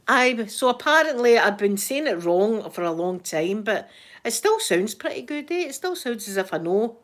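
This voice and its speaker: Fast-talking Scottish woman. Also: on the high side, sing-song. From Scotland. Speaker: live-stream host. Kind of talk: casual live-stream chat.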